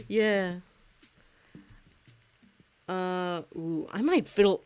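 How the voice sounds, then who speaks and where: A woman in her twenties chats casually on a stream while drawing, rambling with plenty of fillers and giggling often. Her voice sits on the low side, and she talks a little slowly.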